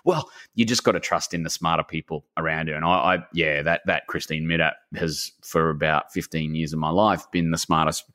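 A middle-aged man, an author, talking casually in a podcast interview, rambling and self-deprecating, with animated asides where he quotes people. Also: extremely low pitch, brisk, few pauses, no echo, clean studio sound. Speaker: author and guest.

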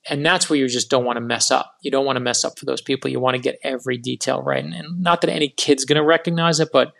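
A middle-aged man, a guest author, telling rambling, animated anecdotes in a casual interview. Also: mid-range voice, fast talker, gravelly.

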